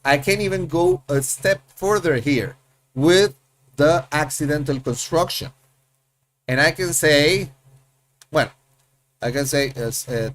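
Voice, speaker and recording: A man's voice: on the high side, measured pace, fairly bright tone, slight background noise. A man, teaching a casual lesson and explaining things in a chatty way, often repeating himself and asking rhetorical questions. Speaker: Spanish teacher.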